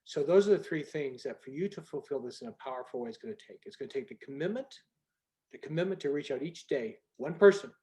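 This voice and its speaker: An older man telling a personal story on a group video call in an earnest, conversational way, going soft at the moving parts. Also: medium pitch, animated, fast talker. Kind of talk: storytelling talk.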